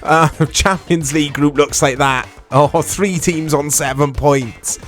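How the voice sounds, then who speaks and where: A man giving casual let's-play commentary on a football video game, reacting excitably to the play. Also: a little high, unhurried, hardly any pauses, faint music behind. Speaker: gaming YouTuber.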